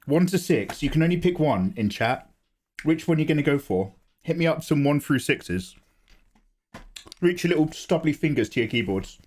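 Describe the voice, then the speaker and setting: A man, slightly hoarse from a cough, casually chatting and joking with viewers while he draws on a live stream. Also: on the high side, lively intonation, moderate pace, a little mellow. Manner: chatty, joking, greets chat by name. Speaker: art streamer.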